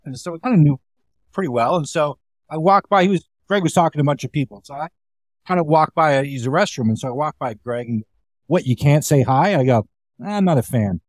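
A man's voice: a little high, fast talker, dry recording. A comedian telling casual, rambling club stories, acting out the quoted lines as he goes. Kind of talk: casual storytelling chat.

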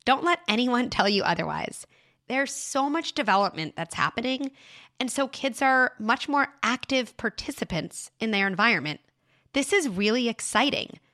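A young adult woman hosting a parenting advice show, speaking in a calm, reflective, explanatory way as she answers a listener. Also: a little high. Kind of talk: advice podcast monologue.

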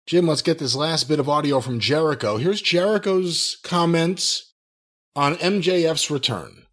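A man's voice: fairly high pitch, unhurried, fairly bright tone. A man co-hosting a podcast, talking in an incredulous, mocking and profane way. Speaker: podcast co-host. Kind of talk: casual podcast chat.

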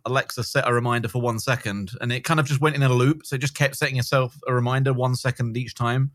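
Relaxed man, dry close sound. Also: mid-range voice, no room sound. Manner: relaxed, many fillers. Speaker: guest. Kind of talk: casual podcast interview.

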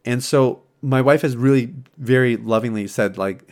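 Man, podcast host, earnest casual monologue, mid-pitched voice, frequent restarts and fillers. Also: moderate pace, few pauses, a little mellow. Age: adult, married.

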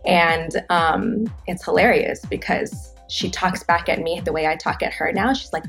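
A young pregnant woman chatting casually as a podcast guest, warm and emotional. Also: fairly low pitch, moderate pace, hardly any pauses, faint music behind. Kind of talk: casual chat.

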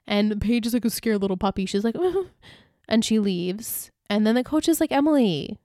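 A woman's voice: mid-range voice, steady tone, normal speed, dark tone, no room sound, clean studio sound. A woman co-hosting a podcast, chatting casually and retelling scenes with quoted lines and laughs. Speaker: podcast co-host. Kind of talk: casual recap chat.

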